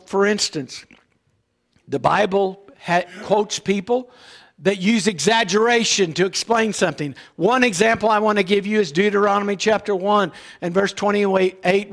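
A man's voice: high voice, unhurried, a bit bright. A male pastor preaching a morning sermon in church, explaining scripture in a conversational way and often checking in with "all right?".

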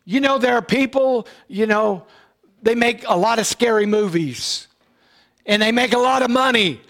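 A man's voice: very high voice, moderate pace, a bit bright. A male pastor preaching a morning sermon in church, explaining scripture in a conversational way and often checking in with "all right?".

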